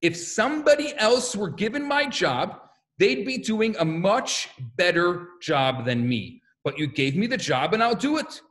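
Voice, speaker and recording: A man's voice: high voice, very animated, unhurried, a bit bright, exaggerated voice. A man voicing a humble, reluctant prophet who pleads earnestly that he is not the right one for the job. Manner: earnest, self-effacing pleading. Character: humble reluctant male prophet, plain-spoken.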